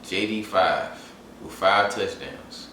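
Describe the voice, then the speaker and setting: A young man telling a rambling, animated sports story in casual chat, full of fillers. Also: low voice, takes it slowly, slight background noise. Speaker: sports fan vlogger. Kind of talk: casual storytime and game recap. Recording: echoey room, far from the mic.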